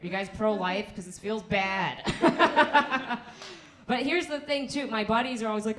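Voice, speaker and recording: A woman's voice: on the high side, animated, moderate pace, fairly bright tone. A young woman doing a stand-up comedy set who keeps laughing at her own jokes and restarting her sentences. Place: comedy club stage. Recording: echoey comedy club.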